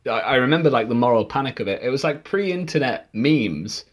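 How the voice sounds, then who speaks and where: A man's voice: mid-range voice, expressive. Jokey man co-hosting a podcast. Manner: jokey, laughs often, quick asides. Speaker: podcast co-host. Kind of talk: casual chat.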